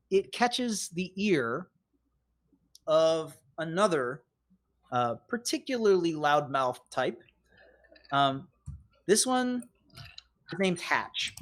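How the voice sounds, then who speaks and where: A game master narrating a tabletop role-playing game in a chatty, lively way. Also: medium pitch. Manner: lively, chatty storytelling with fillers.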